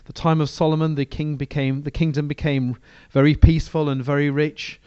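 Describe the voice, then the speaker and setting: Guy giving a sermon in church, mellow voice, dry and a bit lo-fi, keeps restarting his sentences. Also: on the high side, little pitch movement, brisk, clear, resonant tone, dry recording. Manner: conversational, hesitant, frequent restarts. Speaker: preacher. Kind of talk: sermon with bible reading.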